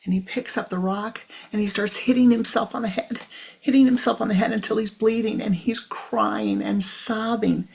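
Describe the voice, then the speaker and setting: A woman spiritual teacher telling a story in a sermon, hushed and dramatic, often sliding into a whisper. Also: mid-range voice, fairly even intonation, normal speed, vocal fry.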